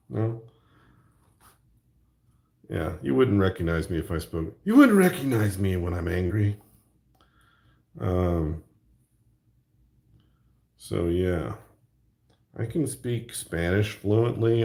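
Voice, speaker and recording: A young man with a Southern US accent chats loosely on a livestream, talking in a lower-pitched voice. He rambles, stops to answer chat, and laughs along as he goes. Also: darkish tone. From American South. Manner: rambling, chatty, pauses to read chat, laughs often. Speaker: livestream host. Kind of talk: casual livestream chat while drawing.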